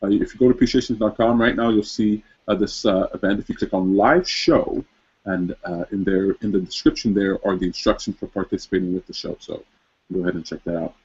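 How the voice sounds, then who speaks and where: A male host rambles casually with plenty of fillers while setting up a live online show, heard through dull lo-fi stream audio. His deep voice is slightly mellow and breathy, fairly even in intonation, and a little fast.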